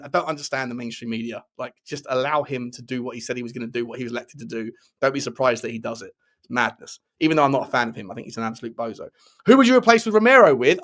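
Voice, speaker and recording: A man's voice: medium pitch, fairly bright tone. A man hosting a casual football live stream, reading out chat messages and giving rambling, opinionated takes. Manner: chatty, opinionated, rambling with restarts.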